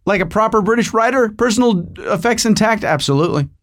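Guy in his middle years rambling through a funny story on his podcast, voice jumps all over, kinda high. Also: fast talker. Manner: animated, digressive storytelling with asides to the listener. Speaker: podcast host. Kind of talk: rambling comic monologue.

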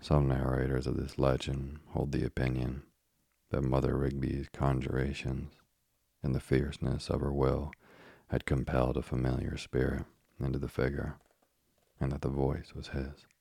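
A man narrating a classic tale as an audiobook, with measured, deliberate phrasing. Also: very deep voice, completely flat delivery, creaky, mellow, husky, no echo, studio quality.

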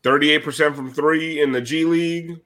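A man's voice: on the high side, fairly even intonation, normal speed, fairly bright tone. A man hosting a casual sports podcast who talks in a rambling, profane way. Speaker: host. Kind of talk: casual chat.

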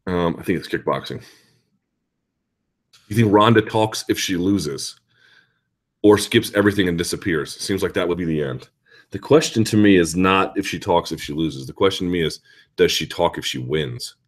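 A male host of a live chat show, talking casually and answering viewer questions in an animated, ranting, sarcastic way. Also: sits low, moderate pace.

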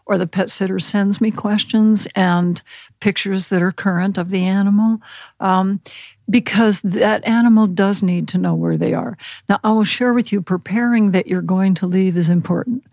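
A woman counselor answering podcast interview questions in a measured, explanatory way, with a gravelly voice. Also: mid-range voice, steady tone, a little mellow, no room sound. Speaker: animal communication counselor.

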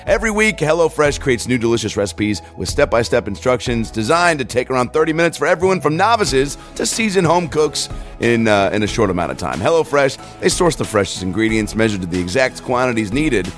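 A man's voice: medium pitch, sing-song, fairly quick, soft background music. A man reading a podcast ad in a hyped, jokey salesman patter. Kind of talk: ad read.

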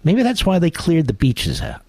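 A man's voice: a little high, huge pitch swings, normal speed, darkish tone, dry recording. Sarcastic male talk radio host. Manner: sarcastic, mocking.

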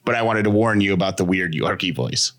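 A man's voice: sits low, fairly quick, a bit bright. A man co-hosting a podcast in casual, rambling, playful chat. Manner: rambling, playful, self-deprecating. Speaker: podcast co-host.

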